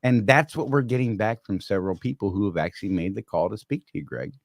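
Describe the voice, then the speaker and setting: A man's voice: on the low side, lively intonation, fast, no echo. Earnest chatty male co-host, dry sound. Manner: earnest, repeats and restarts words. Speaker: podcast co-host. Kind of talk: casual chat.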